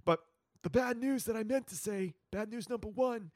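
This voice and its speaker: Casual improv co-host, man, light high voice, dry close mic, chatty and rambling. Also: moderate pace, dry recording. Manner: rambling, playful, plans out loud. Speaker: podcast co-host running the scene. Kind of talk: improvised tabletop role-play.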